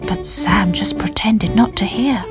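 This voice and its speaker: A woman's voice: mid-range voice, unhurried. A woman reading a children's story in a soothing manner, with children's music behind.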